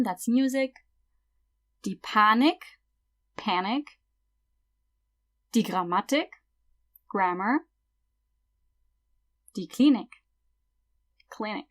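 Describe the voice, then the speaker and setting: A woman teaching a language lesson, saying example words slowly and carefully, and often trailing off quietly at the end of phrases. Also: on the high side. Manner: slow careful word-by-word example pronunciation. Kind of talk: explanatory tutorial.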